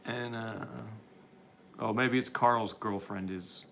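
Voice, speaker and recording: Low-voiced man rambling through commentary. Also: steady tone, takes it slowly, a bit bright, a little hiss or hum. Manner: meandering, opinionated, frequent restarts, chuckles. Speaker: livestream host reading chat.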